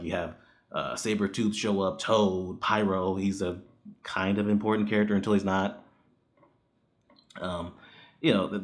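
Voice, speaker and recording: A man giving a casual spoken movie review, animated and exasperated, who swears freely and laughs often. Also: low voice.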